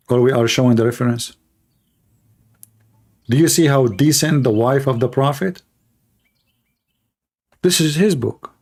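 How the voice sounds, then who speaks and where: A man's voice: a little high, darkish tone. A man giving sarcastic, mocking livestream debate commentary in broken English. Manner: broken, non-native English phrasing. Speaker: online debater.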